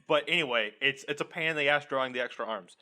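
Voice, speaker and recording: A man's voice: mid-range voice, fast talker, sharp tone. A man co-hosting a podcast, chatting casually, laughing often and swearing freely while retelling a story. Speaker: podcast co-host. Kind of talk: casual chat.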